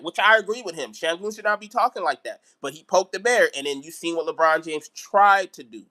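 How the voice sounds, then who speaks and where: Guy ranting on his live stream, aave, high voice, bright and sharp, keeps repeating himself. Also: fairly quick, few pauses. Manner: animated, repetitive ranting. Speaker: basketball vlogger. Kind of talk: live-stream sports rant.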